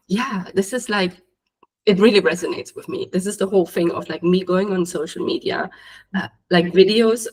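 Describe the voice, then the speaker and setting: A woman's voice: mid-range voice, breathy edge, rough recording. A woman guest on a business podcast, talking casually in a candid, reflective and self-deprecating way. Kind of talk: casual conversation.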